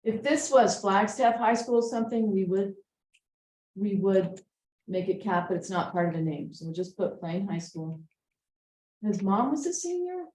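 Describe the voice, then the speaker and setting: A woman's voice: mid-range voice, lively intonation, moderate pace, a little mellow. Teacher woman in an echoey room. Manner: patient, reads sentences aloud repeatedly to test commas. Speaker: writing teacher. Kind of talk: editing a student essay aloud in class.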